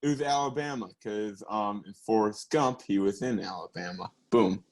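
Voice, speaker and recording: A man's voice: fairly low pitch, normal speed. A young man co-hosting a podcast in casual chat, rambling and profane, laughing often. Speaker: podcast co-host.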